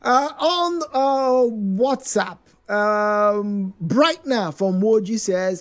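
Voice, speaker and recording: Male radio host, lively and animated delivery, reads messages and comments. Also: high-pitched, slow, few pauses. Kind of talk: radio phone-in talk show.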